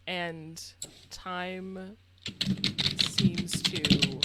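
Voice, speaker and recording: A woman game master narrating scenes in a tabletop game, descriptive and animated, with the odd "um.". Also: on the low side, background noise. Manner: animated, descriptive storytelling with fillers.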